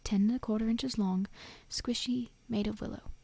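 A woman voicing a soft-spoken, eerie old male wandmaker in a hushed, breathy whisper in a storybook reading. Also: a little high, fairly even intonation, moderate pace, no room sound. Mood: hushed, wistful.

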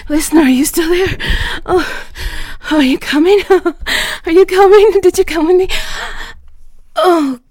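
A woman hosting a guided erotic audio fantasy, talking in a breathy, moaning voice that often drops to a whisper, on a studio microphone. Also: very high voice, normal speed, a little mellow, no echo. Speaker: host of an adult audio show.

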